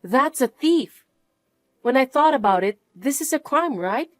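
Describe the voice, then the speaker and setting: An actress playing a wronged young wife who answers with cool, firm defiance. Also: female voice, high-pitched, animated, a little slow, dry recording. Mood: upset. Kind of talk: narrated drama acting.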